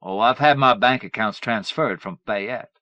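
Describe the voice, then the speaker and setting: A man voicing an unstable, spoiled young man who erupts into petulant shouting. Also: lowish voice, normal speed, no echo, muffled recording, close to an everyday voice. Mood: boastful.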